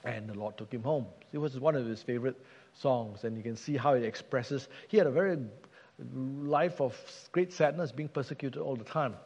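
Earnest preacher with a lilt. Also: male voice, mid-range voice, a little mellow. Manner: earnest, emphatic, rhetorical questions. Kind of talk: sermon. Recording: dull sound with long hall reverb.

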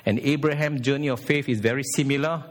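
A man preaches a sermon as pastor in a church, speaking fast and animatedly. He shifts his pitch for emphasis and acts out quotes.

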